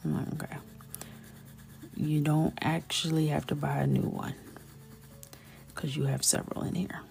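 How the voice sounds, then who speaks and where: A woman's voice: low-pitched, little pitch movement, moderate pace, gravelly, a little mellow. A middle-aged woman hosting a coloring livestream, chatting casually and jokingly while reading viewer comments. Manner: chatty, joking, reads chat aloud.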